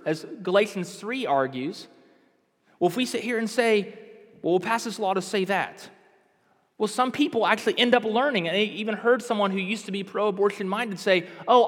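A man with a high, bright-pitched voice preaches with fervor, pressing his points hard and climbing to emphatic peaks. His voice carries a long reverb, as if heard in a large hall. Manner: impassioned, rising to emphatic outbursts. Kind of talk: sermon.

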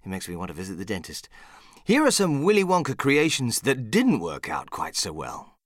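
A man's voice: mid-range voice, huge pitch swings, normal speed. A man narrating and hosting a podcast in a playful, theatrical way. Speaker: narrator and host.

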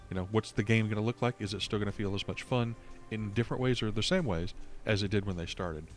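A man's voice: on the low side, fast, faint music behind. A man co-hosting a casual gaming podcast over an online call, thinking aloud in long, rambling turns full of restarts. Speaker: podcast co-host. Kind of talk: casual chat.

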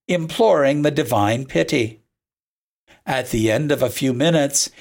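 A storybook narrator who reads a classic tale slowly and expressively. The pitch moves in a lively way, and the pace is unhurried throughout. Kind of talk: storybook reading.

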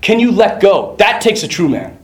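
A male preacher delivers a casual, story-driven sermon. His voice sits high and swings widely up and down, with frequent laughter and loose "you know, like" asides. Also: very animated, normal speed.

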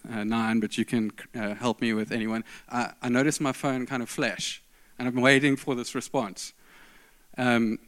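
A man telling a self-mocking story in a sermon, swinging between loud outbursts and hushed asides. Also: on the high side, clean tone.

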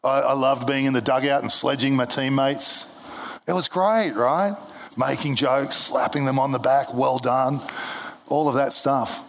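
A man's voice: mid-range voice, a little slow, vocal fry. A man preaching a casual, jokey sermon at a church service, often restarting his sentences. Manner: conversational, jokey, with many restarts. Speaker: pastor.

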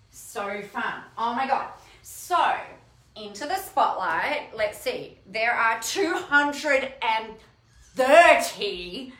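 An excitable woman chats and exclaims as she unboxes her new book. Her voice sits a little high and swings widely from one phrase to the next. The sound carries the echo of a bare room. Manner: gushing, exclamatory, chatty. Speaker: host and author. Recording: echoey room.

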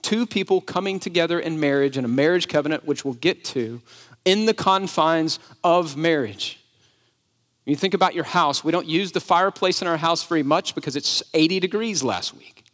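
A man's voice: a little high, normal speed, fairly bright tone. A man preaching a sermon, emphatic and full of rhetorical questions. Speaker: pastor.

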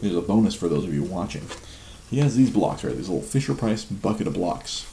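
The man hosting this livestream has a low, creaky, mellow voice with lively intonation, going a little fast. His casual talk rambles, punctuated by frequent laughter and stuttered repetitions. The sound is roomy and echoing, with faint noise.

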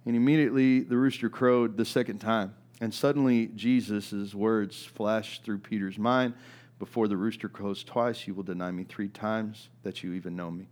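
A man preaching a sermon in a conversational way, often asking "right?", moving between loud, emphatic peaks and quiet, low stretches. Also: fairly even intonation, normal speed. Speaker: pastor.

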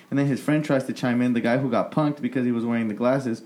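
A man's voice: mid-range voice, fairly even intonation, fast talker, hardly any pauses, a little mellow. A young man retelling a bar confrontation in a casual chat, swearing freely.

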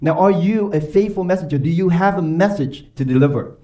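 A man preaching a sermon with emphatic, questioning delivery, his voice sitting a little high. He is picked up from a distance, so he sounds set back from the mic in the church. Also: brisk, warm tone. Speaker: pastor. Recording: voice from far off the mic.

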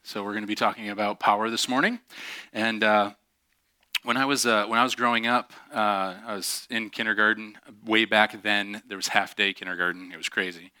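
A man's voice: lowish voice, fairly even intonation, a little fast, pushed and bright, clear, resonant tone, no room sound. A man preaching a sermon as a pastor, telling a story in a casual, self-deprecating way with many fillers and restarts.

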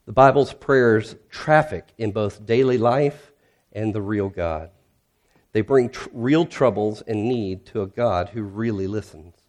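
A man preaching a sermon, his voice sitting a little low. He talks to the congregation plainly, asking question after question, and reads scripture with mounting intensity. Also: a little slow, a little mellow. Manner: conversational, with rhetorical questions. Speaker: pastor.

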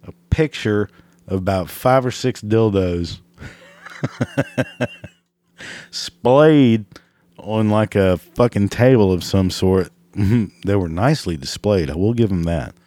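A man's voice: on the low side, dark tone, no room sound. A man delivering a crude, exasperated comedic rant, laughing at his own jokes, his voice cracking. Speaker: comedic ranter.

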